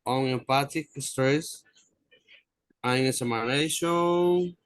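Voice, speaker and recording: A male student, reading aloud haltingly in an online English class and repeating the teacher's corrections. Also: medium pitch, clean tone, no echo. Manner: halting, stumbles over words and repeats corrections. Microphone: video call.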